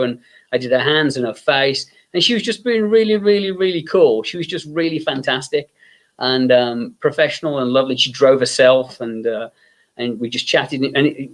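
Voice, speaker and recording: Chatty English guest with a fairly high voice, loose storyteller who keeps saying "you know". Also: male voice. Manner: rambling, many fillers and quoted voices. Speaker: guest filmmaker and makeup effects artist. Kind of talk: casual anecdote-telling.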